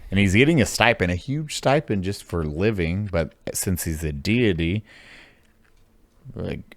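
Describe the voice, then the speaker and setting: Low gravelly man on a podcast. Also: normal speed, no echo. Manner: animated, laughing, swearing, jumps into high mock voices. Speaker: podcast host. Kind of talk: casual podcast chat.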